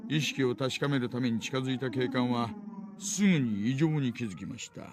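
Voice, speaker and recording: A man voicing a calm, insinuating detective. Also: medium pitch, very fast, noisy background, natural voice. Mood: grave. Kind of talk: voiced visual novel dialogue.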